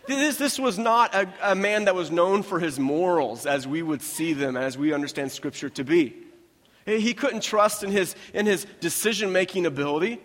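A man preaching a sermon in a conversational, humorous way with quick asides. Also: high voice, a bit bright, long reverb tail. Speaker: pastor.

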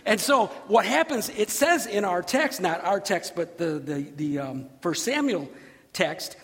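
A male pastor delivers a lively sermon, retelling the scripture story with acted voices and bursts of shouting. His voice sits very high and has a gravelly edge. The sound carries the long reverb of a large hall. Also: normal speed.

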